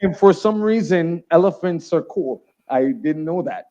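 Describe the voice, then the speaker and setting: A man's voice: a little high, lively intonation, a little slow, warm tone, lo-fi sound, slight background noise. A man from Canada, a guest rapper, chatting casually over a video call and laughing easily.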